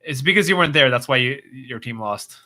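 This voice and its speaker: A man hosts a casual livestream, reading viewer comments and answering them off the cuff. His voice is bright, and his pitch sits in an ordinary middle range. He rambles with plenty of fillers and restarts. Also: expressive, fairly quick. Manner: chatty, rambling, reads viewer comments aloud with frequent fillers. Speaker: livestream host.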